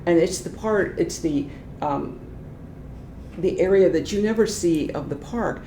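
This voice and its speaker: An older woman, a retired transition specialist, telling lively anecdotes in an oral history interview. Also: a little slow. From Ohio, United States. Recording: echoey room with faint rumble.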